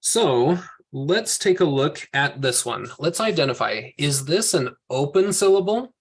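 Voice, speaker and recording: A man's voice: on the high side, animated, measured pace, breathy edge. A man teaching a language class over a video call, explaining rules patiently and step by step. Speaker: Hebrew teacher. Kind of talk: online class lecture.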